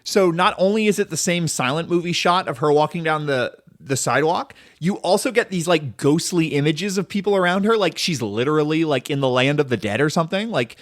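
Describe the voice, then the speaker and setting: A man's voice: fairly high pitch, animated, brisk, few pauses, dry recording, clean studio sound. A man hosting a casual solo film podcast, rambling and enthusiastic, full of "like" and "um". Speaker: podcast host.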